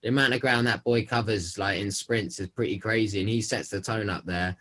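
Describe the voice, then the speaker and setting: A man's voice: fairly low pitch, steady tone, a little fast, a bit bright. A man talking football on a casual podcast, enthusiastic and opinionated. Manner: enthusiastic, opinionated fan talk. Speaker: podcast co-host.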